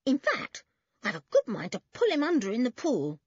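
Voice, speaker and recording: A hot-tempered tomboy girl snaps in a lively, slightly breathy voice, as a woman puts her on. The sound is dry and somewhat dull. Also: high voice, moderate pace, no echo, voice pushed up, full character voice. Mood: indignant. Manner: indignant, sharp-tongued.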